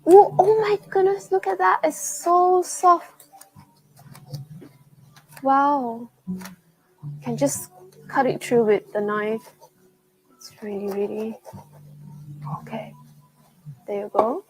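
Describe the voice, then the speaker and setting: A young woman hosts a live-streamed travel vlog, tasting food on camera indoors at a restaurant. She is chatty and excitable, gasping and laughing often, with a high voice, slow delivery, and frequent pauses. The audio is poor, with slight background noise.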